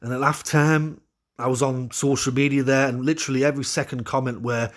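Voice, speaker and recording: A man's voice: medium pitch, fairly even intonation, brisk. Frustrated man ranting. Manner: frustrated, opinionated, rambling with fillers. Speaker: football fan channel host. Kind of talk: post-match reaction monologue.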